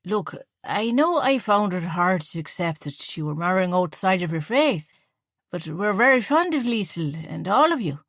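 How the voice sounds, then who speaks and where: A woman's voice: mid-range voice, very animated, unhurried, fairly bright tone, dry recording, studio quality, exaggerated voice. A woman voicing a tipsy, outspoken Irish mother from Kerry, slurring slightly and pushing her views. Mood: bossy, tipsy.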